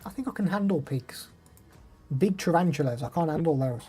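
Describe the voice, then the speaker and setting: A young man with an English Midlands accent chats his way through a live stream, greeting viewers by name and answering their questions. His voice is dark and mellow with a slightly husky edge. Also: fairly high pitch, expressive, a little fast, faint music behind. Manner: chatty, reads out viewer names and answers them. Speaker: live streamer demoing microphones. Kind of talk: casual live stream chat.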